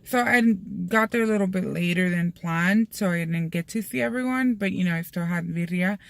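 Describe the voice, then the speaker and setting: A woman's voice: lowish voice, a little fast, creaky. A young woman chatting casually to camera, full of fillers, slipping in Spanish phrases, from a Mexican-American family. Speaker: vlogger.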